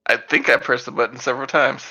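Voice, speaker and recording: A man's voice: medium pitch, fairly even intonation, quick pace, pushed and bright, soft background music, poor audio. A man playing a tabletop game, chatting casually, rambling and laughing as he jokes with the group. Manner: rambling, joking, laughs often. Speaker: player.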